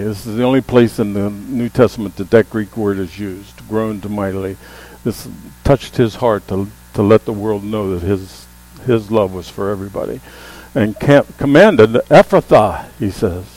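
Preaching male pastor, low voice, hum. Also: steady tone, normal speed, hardly any pauses, dark tone, poor audio. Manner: preaching with rising emphatic calls. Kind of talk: sermon. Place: church sanctuary. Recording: mains hum under the voice.

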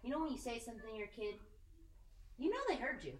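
A woman giving a casual, animated sermon, joking and acting out the people she quotes. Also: on the high side, fast, a little hiss or hum. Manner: animated, jokey, acts out quoted voices. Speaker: preacher. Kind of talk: conversational sermon. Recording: echoey room, mic at a distance.

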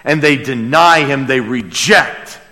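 A man preaching a sermon as pastor, passionate, dropping to a hush and then crying out. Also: medium pitch, slow, in a large hall. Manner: passionate, swings from hushed to crying out.

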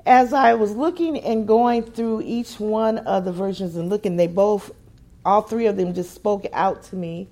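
In an unhurried, medium-pitched voice, a woman preaches, sometimes musing softly and sometimes building toward emphatic repetition of phrases.

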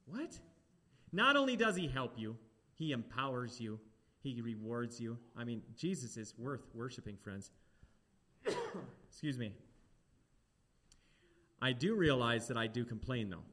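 A man preaching a sermon, animated and talking straight to the congregation with questions. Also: medium pitch, a little slow, long pauses.

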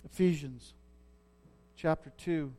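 A middle-aged man with a notably high voice preaches a sermon. He talks like he's chatting with the congregation and often stops to ask if they're following. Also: takes it slowly, warm tone. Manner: conversational preaching, checks in with listeners. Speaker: pastor.

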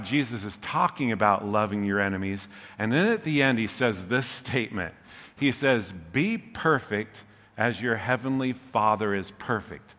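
A man's voice: medium pitch, pushed and bright. A man preaching a sermon in a humorous, conversational way, often checking in with the crowd by asking "okay?". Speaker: pastor. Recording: long reverb of a large hall.

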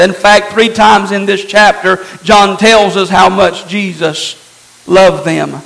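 High, bright-voiced male preacher. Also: vocal fry, low-quality recording. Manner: emphatic preaching with rhetorical questions. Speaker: pastor. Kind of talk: sermon.

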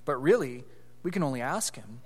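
A man's voice: medium pitch, lively intonation, normal speed, slightly rough, long reverb tail, pitched below the performer's own voice. A man voicing an earnest, solemn and slightly bossy schoolboy in a read-aloud story.

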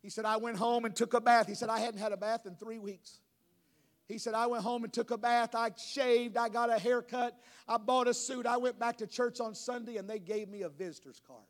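Pastor, male, high-pitched, sermon delivery that climbs to shouting. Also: fairly even intonation, brisk. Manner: preaching, rising to shouts. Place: church.

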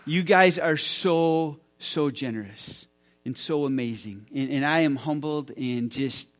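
A man's voice: fairly high pitch, measured pace, some chatter behind. A man in his forties, a pastor speaking to his church, enthusiastic and often repeating words as he talks. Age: 40s. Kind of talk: church sermon talk. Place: church sanctuary.

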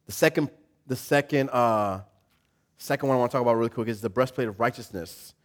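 A male pastor giving a casual, humorous sermon with dramatic swings between loud and soft. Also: mid-range voice, fairly quick.

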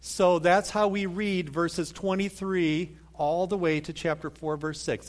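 High-voiced man preaching, lively emphasis. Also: moderate pace. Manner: explains scripture step by step, reads verses aloud, lively emphasis. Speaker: pastor. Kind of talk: sermon.

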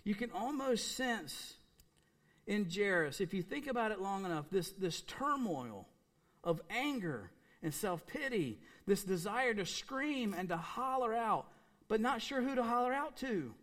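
A man preaching a sermon, earnest and emphatic, repeating phrases and dropping suddenly to a soft, quiet voice. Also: high-pitched, sing-song, a little slow. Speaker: pastor.

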